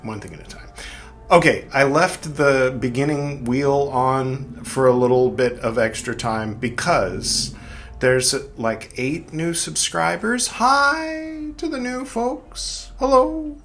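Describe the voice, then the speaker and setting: A man's voice: mid-range voice, slow pace, soft background music. A young man hosting a podcast, chatting casually and rambling, mocking himself with lots of fillers and restarts. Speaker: podcast host. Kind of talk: casual chat to camera.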